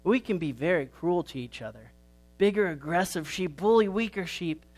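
A man voicing the oldest ewe of the flock, a kind and wise grandmother sheep, explaining things gently and patiently in a storybook. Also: sits high, animated, moderate pace.

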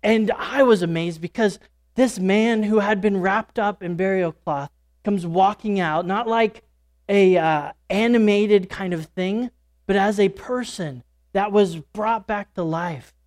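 A man's voice: high-pitched, unhurried, darkish tone. A man giving a first-person dramatic monologue as a disciple, speaking as a church speaker in a casual, folksy storytelling way with fillers and asides. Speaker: church speaker retelling a Bible story in character.

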